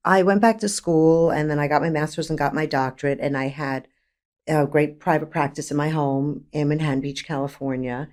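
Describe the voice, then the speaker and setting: A woman in her fifties with a New York accent, a therapist speaking as a podcast guest, frank and animated, laughing often and stacking emphatic lists. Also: deep voice, normal speed. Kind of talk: candid conversational interview.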